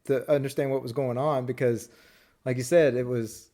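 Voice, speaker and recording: A man's voice: medium pitch, fairly even intonation, normal speed, dark tone. A man co-hosting a podcast in casual chat, rambling through stories and reading movie quotes aloud. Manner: rambling, restarts often, reads movie quotes. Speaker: podcast co-host.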